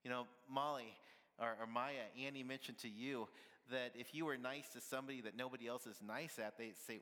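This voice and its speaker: A man's voice: medium pitch, fairly even intonation, brisk, bright, forceful tone, long reverb tail. A man preaching a sermon at church, conversational and playful, often asking the congregation "right?" with little laughs. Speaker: pastor.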